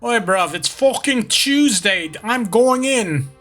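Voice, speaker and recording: A man voicing a brash, rowdy British bloke in a deliberately bad mock-British accent. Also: extremely high pitch, lively intonation, faint music behind, pitched above the performer's own voice, full character voice. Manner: exaggerated, shouty, deliberately bad impression.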